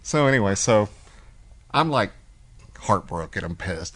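A man's voice: fairly low pitch, a little slow, long pauses, slight background noise. A man hosting a casual chat, telling a long story and acting out what people said. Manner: animated storyteller, acts out quoted voices. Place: cigar shop.

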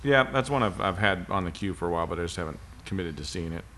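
Fast-talking low-voiced male co-host. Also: animated, a bit bright, slight background noise. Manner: quick, agreeable, chiming in with short replies. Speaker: podcast co-host. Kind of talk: casual chat.

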